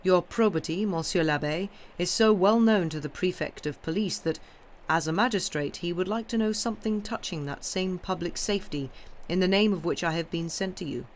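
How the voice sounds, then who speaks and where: A woman's voice: on the low side, normal speed, few pauses, a little hiss or hum, lightly acted. A woman reading aloud as a wary, insistent male police agent with formal, pressing questions.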